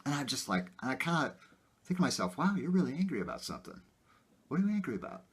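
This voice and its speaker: A man talking casually to his viewers about his own life, rambling with many fillers and getting animated. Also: mid-range voice, quick pace, breathy edge. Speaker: video host. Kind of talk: casual personal talk to camera.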